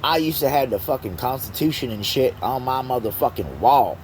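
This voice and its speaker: A man reading aloud slowly and haltingly, then breaking off into heated, profane ranting. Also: mid-range voice, expressive, a little hiss or hum. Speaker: vlogger. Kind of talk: angry profane rant.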